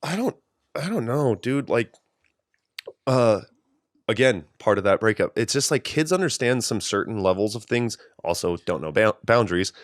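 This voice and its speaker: A man's voice: mid-range voice, sing-song, moderate pace, no room sound, clean studio sound. A young man co-hosting a podcast, telling candid personal stories in casual chat and swearing freely. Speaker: podcast co-host.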